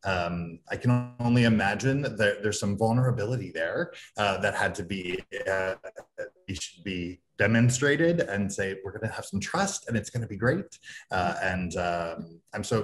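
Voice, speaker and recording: Deep-voiced man hosting, halting speech. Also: a little hiss or hum. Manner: halting, many fillers and restarts, thankful. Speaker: publisher hosting the launch. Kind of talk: livestreamed book launch conversation.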